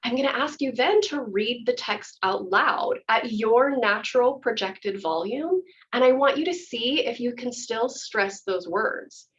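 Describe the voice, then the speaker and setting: A woman's voice: a little high, expressive, unhurried, fairly bright tone, a little hiss or hum. A woman acting teacher giving a chatty, enthusiastic workshop explanation. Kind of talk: workshop instruction. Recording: dull lo-fi audio.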